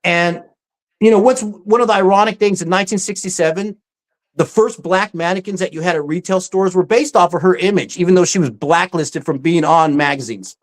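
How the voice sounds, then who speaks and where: A presenter giving a casual, story-driven talk over slides, often pausing with "um" and acting out quoted speech. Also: mid-range voice. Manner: frequent ums and restarts.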